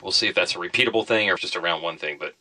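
A man's voice: low-pitched, racing, sharp tone. A man co-hosting a casual racing podcast, making wry, teasing asides. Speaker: podcast co-host. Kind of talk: casual chat.

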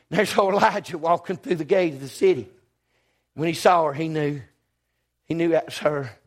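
A man with a high-sitting voice preaches a storytelling sermon in a folksy, emphatic style, dropping to a hush and then rising to a shout.

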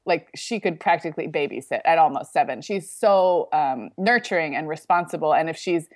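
A woman co-hosting a podcast, speaking thoughtfully about her children in casual chat, often pausing to find words. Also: deep voice, dry recording, clean studio sound. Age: adult, mother of young children. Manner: thoughtful, many fillers and pauses. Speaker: podcast co-host.

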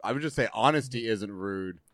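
A man's voice: on the low side, brisk, a bit bright, no room sound, studio quality. A man chiming in with suggestions during a casual podcast chat. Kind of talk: casual banter.

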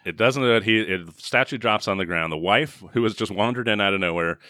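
A man co-hosting a casual podcast, recapping a movie with animated storytelling, frequent laughter and the odd swear. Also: on the low side, fairly quick, no room sound, studio quality. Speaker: podcast co-host.

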